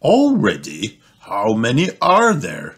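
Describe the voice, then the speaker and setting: A man voicing an easygoing father pig in a children's storybook read aloud, in a warm, chuckling voice close to his own. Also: medium pitch, wildly swooping pitch, takes it slowly, noisy background, voice pushed up. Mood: jolly.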